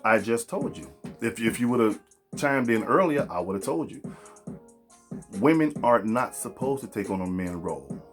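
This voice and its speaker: Blunt preaching podcast host, faint music. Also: male voice, lowish voice, expressive, normal speed. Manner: blunt, preachy, talks straight to the audience. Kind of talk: opinionated podcast monologue.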